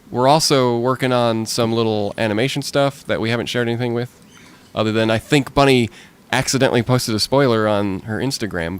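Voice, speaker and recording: A man's voice: medium pitch, smooth. A man hosting a podcast in casual chat, rambling and laughing as he talks. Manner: laughing, rambling, self-interrupting. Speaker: podcast host and band member.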